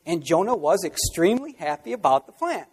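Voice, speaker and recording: A man preaching a sermon as pastor, swinging from quiet asides to loud, impassioned outbursts. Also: high voice, very animated, fairly quick, slightly rough, long reverb tail.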